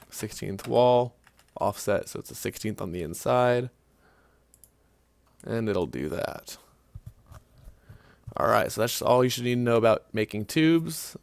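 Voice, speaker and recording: Low gravelly man walking through software. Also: dry recording. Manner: casual, thinking aloud with fillers and self-corrections. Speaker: CAD tutorial instructor. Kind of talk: screen-recorded software walkthrough.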